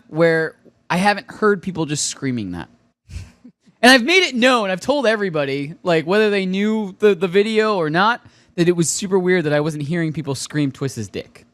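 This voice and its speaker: A high-pitched man co-hosting a chatty podcast, his voice swinging up and down as he tells stories. He laughs often and gets excited. The sound is dry and close. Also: moderate pace, dry recording. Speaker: podcast co-host. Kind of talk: casual chat.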